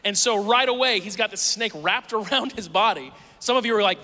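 A man in his thirties delivers a sermon with a high, bright voice, easing from casual family stories into earnest teaching. His words carry a long reverb from the church hall he speaks in. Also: fairly quick. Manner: storytelling, conversational with animated quoting. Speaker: pastor. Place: church auditorium.

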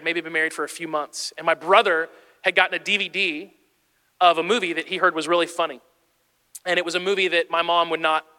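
A man in his thirties preaches with a high, bright voice, moving from easy storytelling to urgent, animated exhortation. His words ring out with a long hall reverb around them. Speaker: pastor. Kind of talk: sermon.

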